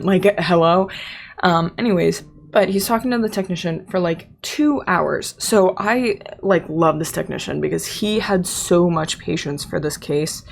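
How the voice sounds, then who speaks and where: A woman's voice: on the low side, gravelly, slight background noise. A woman hosting a podcast, telling a story in casual chat, exasperated and swearing freely, and acting out the people in it. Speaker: podcast host.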